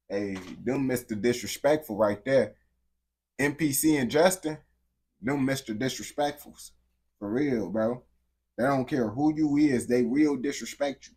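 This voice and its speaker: A man's voice: medium pitch, a little mellow, breathy edge. A man livestreaming and chatting casually with his viewers, talking in heavy slang, repeating himself and laughing often.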